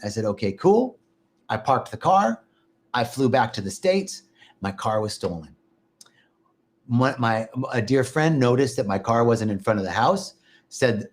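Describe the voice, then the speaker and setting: A man preaching a sermon, telling animated stories, laughing often and swearing casually. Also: on the high side. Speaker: minister. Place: lives in Costa Rica.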